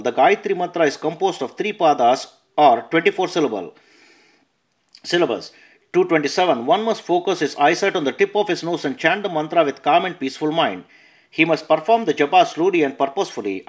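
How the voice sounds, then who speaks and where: Guy narrating scripture, kinda high voice, steady careful reading. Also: husky. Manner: measured reading with verse numbers and notes, some self-corrections. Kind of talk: reading a scripture translation aloud.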